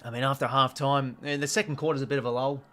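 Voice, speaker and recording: A young Australian man talks fast in a mid-range voice as he hosts a live watch-along, giving a laid-back call of the match with excited spurts and a few light swear words.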